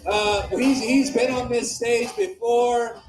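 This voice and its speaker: A man hosting an open mic night, bringing comics up with brash, profane banter and shouted introductions. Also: very high-pitched, fairly even intonation, takes it slowly. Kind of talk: club emcee banter. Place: small comedy club. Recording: echoey club room with faint music.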